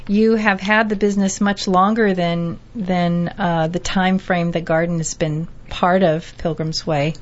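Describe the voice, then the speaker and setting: A woman interviewing a shop owner, prompting him with encouraging questions. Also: mid-range voice. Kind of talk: conversational interview. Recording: dull, lo-fi recording.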